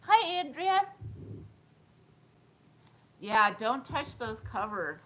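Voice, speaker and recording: A woman's voice: fairly high pitch, very animated, extremely slow, sharp tone, rough recording. A woman in her thirties chatting casually on a live stream, giggling often and answering viewer comments. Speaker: thrift vlogger.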